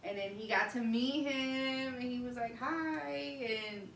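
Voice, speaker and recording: Vlog host, woman in her 30s, chatty storyteller, slightly high voice, mic set back from her. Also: normal speed, a little hiss or hum. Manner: animated, laughing as she retells the story. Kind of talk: casual storytelling. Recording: roomy, distant mic, faint ambience.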